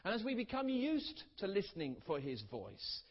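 A man preaching a sermon, earnest and storytelling, letting key words trail off softly. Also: sits high, huge pitch swings, normal speed, breathy edge. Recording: dull recording in a reverberant hall.

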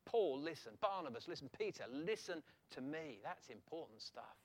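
A middle-aged man preaching a sermon in an animated way, throwing rhetorical questions back at his listeners. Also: on the high side, normal speed.

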